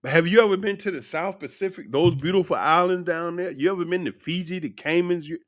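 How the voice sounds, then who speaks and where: Animated older man telling stories. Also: high-pitched, fairly quick, dry recording, studio quality. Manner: animated, rambling storyteller who laughs often. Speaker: vlogger. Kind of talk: casual monologue to camera.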